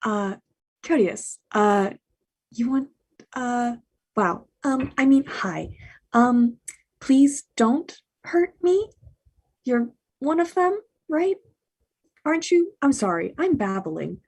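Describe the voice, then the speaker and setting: A smitten villain who trips over his words, stammering and apologizing for babbling, read by a woman. The voice is slow and breathy, with a husky edge. It is a comedic staged play reading. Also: medium pitch, mellow. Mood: flustered. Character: flustered villain man smitten with the hero.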